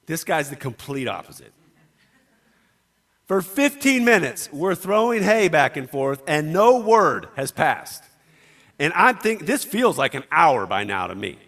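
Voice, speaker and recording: A man preaching a sermon, talkative, moving between quiet asides and loud, emphatic declarations. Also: fairly high pitch, sing-song, a little slow.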